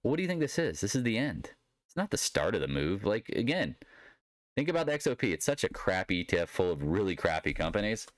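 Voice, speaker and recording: A man's voice: on the low side, big pitch swings, fast, no echo. A man giving a rambling solo market recap in a blunt, sarcastic manner. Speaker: market commentator.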